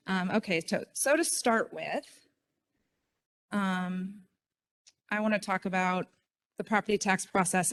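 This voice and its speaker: Chatty woman giving a conference speech. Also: mid-range voice. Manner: chatty, self-deprecating, emotional at moments. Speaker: state official speaking at a conference.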